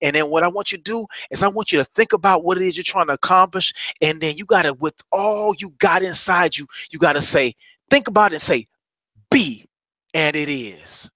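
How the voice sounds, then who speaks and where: A man's voice: fairly high pitch, a little fast, sharp tone, no echo. A middle-aged man coaching listeners on a broadcast, preaching with rising passion and repeating phrases like a mantra. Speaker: motivational coach. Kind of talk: motivational talk on a broadcast.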